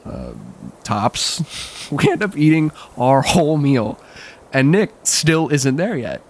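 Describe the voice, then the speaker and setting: A young man telling a childhood story in a wry, casual way, laughing often. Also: mid-range voice.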